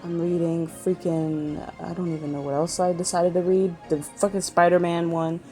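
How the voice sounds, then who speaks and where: A woman's voice: on the low side, little pitch movement, moderate pace, mellow, faint music behind. A woman chatting casually in a vlog, rambling and swearing freely and trailing off mid-sentence. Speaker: vlogger.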